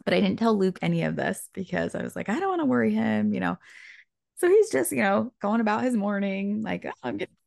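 Young woman podcast co-host, chatty storyteller, heavy vocal fry. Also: medium pitch, a little fast, no room sound, studio quality. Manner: animated, chatty, frequent "like" fillers. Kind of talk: casual storytelling chat.

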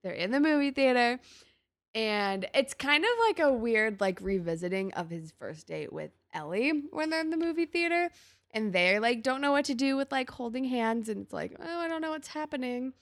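A woman co-hosting a podcast, chatting casually through an episode recap and acting out characters' lines with big jumps in pitch. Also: lively intonation, moderate pace, no echo, clean studio sound. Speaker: podcast co-host.

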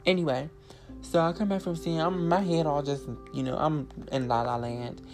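A woman's voice: low-pitched, fairly even intonation, normal speed. A young woman hosting her own podcast, telling a story in a blunt, profane, chatty way. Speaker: podcast host. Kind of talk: casual storytelling monologue. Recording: guitar music playing underneath. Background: guitar music.

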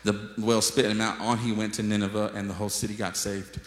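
A pastor with a lowish voice preaches quickly to his congregation, telling stories playfully, acting out the voices of the people in them, and joking with the crowd. The recording has the long reverb of an echoey hall.

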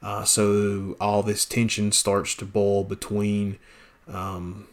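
Blunt country preacher, lowish voice. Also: male voice, monotone, takes it slowly. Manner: blunt, plainspoken, many fillers and restarts. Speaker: podcast host, pastor. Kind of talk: personal storytelling podcast.

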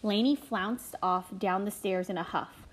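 A woman narrating a children's novel aloud in an expressive reading style, with small slips and restarts. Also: medium pitch, unhurried, husky, low-quality recording. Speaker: audiobook narrator.

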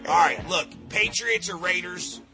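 A man hosting a radio show, joking loudly and breaking into sing-song bursts. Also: high-pitched, unhurried, over music. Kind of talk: casual radio banter.

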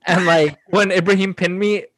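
A man co-hosting a podcast with friends, excitable and laughing a lot. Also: sits high, normal speed, dry recording, studio quality. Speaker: podcast co-host. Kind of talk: casual chat among friends.

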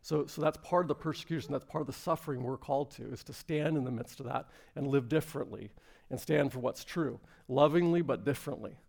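A man's voice: mid-range voice, fast talker, gravelly, a little mellow. A man preaching a fervent, earnest sermon to a congregation in a room. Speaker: pastor.

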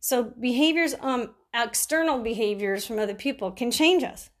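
A woman's voice: fairly high pitch, moderate pace. A middle-aged woman and caregiver giving casual advice, telling stories about clients with frequent laughs and acted-out quotes. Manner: chatty, laughs often, acts out quoted people.

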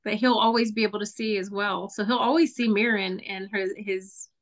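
A woman author as guest in a casual chat, animated and laughing, sometimes tripping over her words. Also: medium pitch, moderate pace.

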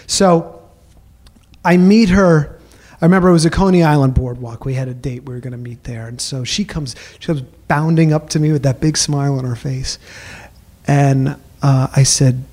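A man telling a comic personal story on stage, rambling with halting restarts and self-mocking punchlines. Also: medium pitch, darkish tone.

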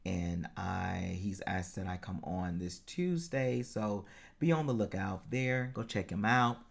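Deep-voiced man hosting a solo podcast. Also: lively intonation, a little slow, gravelly. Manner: earnest, encouraging, laughs easily. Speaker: podcast host and life coach.

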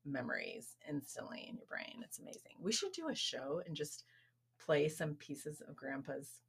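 Lively, bright-voiced woman co-host. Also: low voice, normal speed, vocal fry, breathy edge. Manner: animated, acts out her own thoughts in quotes. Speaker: podcast co-host. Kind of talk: casual chat.

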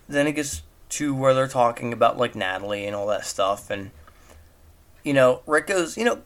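A man's voice: medium pitch, lively intonation, moderate pace. A man giving casual commentary on a film, rambling and incredulous, firing off rhetorical questions. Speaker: movie reviewer.

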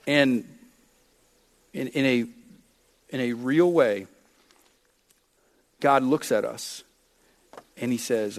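A pastor preaches an impassioned sermon, his pitch and volume swinging widely as he acts out prayers and scripture. He speaks slowly and pauses often.

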